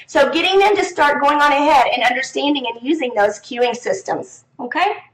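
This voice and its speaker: A woman teacher explaining reading activities to other teachers in a casual, lively way, often slipping into a sing-song classroom voice. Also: high-pitched, normal speed. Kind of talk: casual instructional talk. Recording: echoey room.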